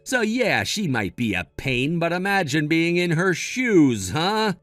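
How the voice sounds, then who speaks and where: A man's voice: on the high side, very animated, measured pace, hardly any pauses, fairly bright tone, no room sound, faint music behind. A man narrating a text-message story in a blunt, scolding tone. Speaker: narrator voicing text chat.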